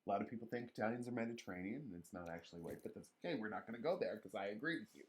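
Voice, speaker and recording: A drag show co-host in casual banter, sassy and quick to swear. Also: mid-range voice, a little hiss or hum. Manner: animated, sassy, swears freely.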